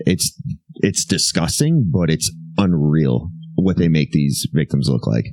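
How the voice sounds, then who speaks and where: A man's voice: low-pitched, big pitch swings, moderate pace, vocal fry, warm tone, no echo. A young man co-hosting a podcast in casual chat, rambling loosely, swearing and laughing often. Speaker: podcast co-host.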